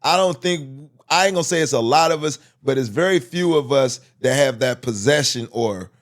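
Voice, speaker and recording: A man talks on a casual podcast. His pitch sits in the middle range. He tells personal stories in a rambling, loose way, restarting his sentences often. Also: lively intonation, moderate pace. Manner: rambling, storytelling with many restarts. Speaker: podcast co-host. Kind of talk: casual conversation.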